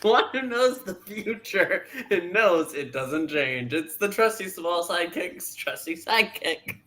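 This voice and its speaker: A man's voice: sits high, lively intonation, unhurried, a bit bright. A man hosting a casual comic reading chat, laughing often between jokes. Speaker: host.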